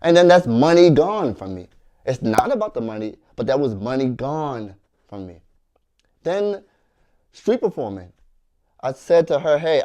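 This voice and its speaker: A man's voice: medium pitch, mellow. A man earnestly recounting arguments with his wife over his hobby and his work. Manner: aggrieved, earnest, retelling arguments. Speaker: content creator and street performer. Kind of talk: storytelling to camera.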